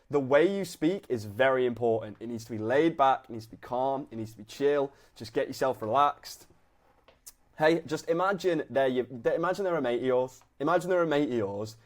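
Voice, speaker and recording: Laid-back young British personal trainer. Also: male voice, medium pitch. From Britain. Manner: laid-back, acts out both sides of conversations. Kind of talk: casual coaching talk to camera.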